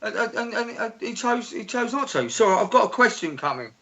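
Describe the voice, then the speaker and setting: Male guest, high, sharp, sweary and stammering. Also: big pitch swings, normal speed, highs cut off. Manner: sweary, stammering restarts, indignant. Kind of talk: heated casual chat.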